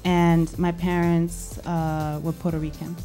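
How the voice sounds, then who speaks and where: A woman's voice: fairly low pitch, little pitch movement, unhurried, warm tone, soft background music. A woman in her forties from Massachusetts, a spoken word artist and DJ, talking openly and thoughtfully as a guest in a studio interview. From Lawrence, Massachusetts, USA. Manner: thoughtful, open, says "um" and "yes, sir". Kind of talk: casual interview.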